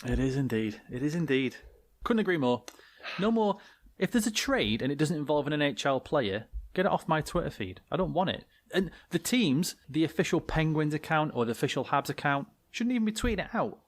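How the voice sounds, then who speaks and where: A man's voice: fairly high pitch, very animated, a little fast. British man, podcast co-host, casual chat, jokey, exaggerated, laughs a lot. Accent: British English. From England. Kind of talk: casual banter.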